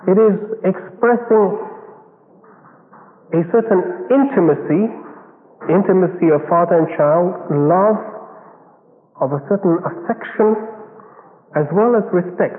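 A man from China preaching a sermon in an earnest manner, asking rhetorical questions and chuckling now and then. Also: fairly high pitch. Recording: phone-like lo-fi recording with long reverb.

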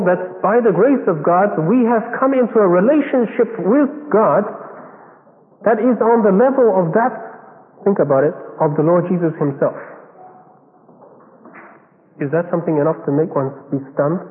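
A man from China preaching a sermon in an earnest manner, asking rhetorical questions and chuckling now and then. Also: a little high. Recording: phone-like lo-fi recording with long reverb.

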